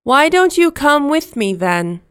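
A woman's voice: sits high, very animated, a little slow, a bit bright, dry recording, studio quality, heavily acted. Woman reading as eager boy Peter Pan. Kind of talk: storybook reading.

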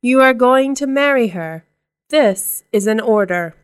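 A woman's voice: on the high side, expressive, unhurried, clear, resonant tone, dry recording, studio quality. A woman reading a storybook aloud and voicing a stern king who gives orders. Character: stern old king, commanding.

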